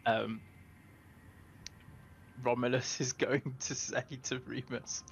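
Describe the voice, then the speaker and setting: A man's voice: medium pitch, little pitch movement, takes it slowly, vocal fry, long pauses, highs cut off, a little hiss or hum. Hesitant man playing a tabletop game. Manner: hesitant, full of fillers and self-corrections. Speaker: player. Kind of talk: casual tabletop game chat.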